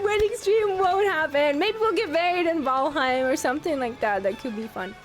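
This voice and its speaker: Young woman streamer chatting w chat, super high voice, giggles a lot, bit of music in the back. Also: very animated, moderate pace, few pauses. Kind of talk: casual livestream chat with viewers.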